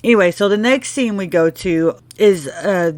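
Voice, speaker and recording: A woman's voice: medium pitch, normal speed, darkish tone, dry recording. Chatty woman podcast host, dry sound. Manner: chatty, rambling, goes off on tangents with laughs. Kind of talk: casual episode recap.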